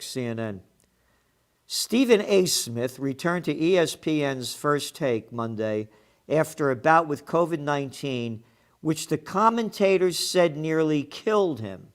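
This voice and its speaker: A man's voice: on the high side, expressive, a little slow. A man, a trends forecaster and publisher, delivering a combative ranting commentary with profane, mocking asides and emphatic repetition. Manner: emphatic, repeating words as he builds a point.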